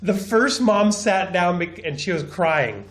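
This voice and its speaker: A man giving mocking political commentary over a video clip, sarcastic and rising into high mock-crying tones. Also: animated, a little slow, fairly bright tone.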